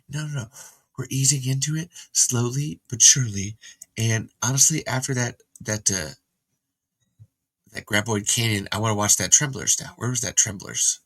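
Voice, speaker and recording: A man hosts a casual livestream and rambles excitably from thought to thought, trailing off and starting over. His voice sits fairly low but comes across bright and forceful. He is picked up by a camera mic. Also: normal speed, husky. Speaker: host.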